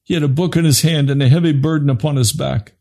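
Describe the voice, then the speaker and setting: A man preaching an impassioned sermon, swinging from low grave tones to high urgent pleading. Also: steady tone, fast, vocal fry, dark tone.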